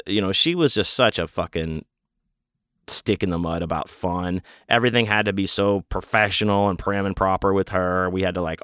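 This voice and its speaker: A man's voice: low voice, fairly bright tone, clean tone, dry recording, clean studio sound. A man telling a casual, rambling story full of swearing, fillers and restarts.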